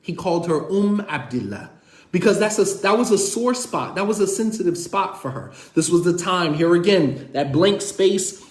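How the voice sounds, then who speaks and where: High-voiced man lecturing in a roomy space. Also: moderate pace. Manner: direct, keeps asking "you understand?"; animated, sarcastic storytelling with laughs. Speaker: lecturer on marriage. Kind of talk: conversational lecture.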